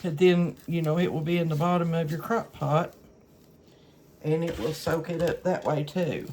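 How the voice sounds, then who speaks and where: A woman hosting a home cooking video, explaining a recipe step by step in a casual, unhurried way. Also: sits low, fairly even intonation, a little mellow, slight background noise. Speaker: cooking channel host.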